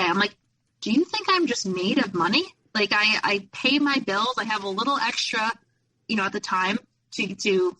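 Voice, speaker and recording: A young adult woman with a mid-range, pushed, bright voice speaks candidly as a guest on a podcast, recounting past events with plenty of quoted dialogue. She is an abuse survivor telling her personal story in an interview, and the recording is rough.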